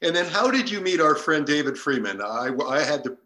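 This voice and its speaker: A man's voice: a little high, sing-song, a little fast, sharp tone. A man hosting a conversational interview, asking questions hesitantly and affirming his guest often. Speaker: interview host.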